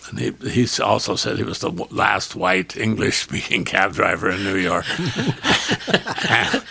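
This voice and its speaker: An older man, a former radio host telling career stories as a podcast guest, animated and acting out the people he quotes. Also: deep voice, moderate pace, gravelly, breathy edge, no echo. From Canada. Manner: animated storyteller who acts out quoted dialogue. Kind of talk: storytelling in a podcast interview.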